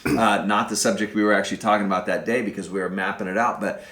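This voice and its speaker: A man's voice: on the low side, fairly even intonation, fast talker, fairly bright tone. A man hosting a podcast, talking casually with many fillers and restarts. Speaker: podcast host.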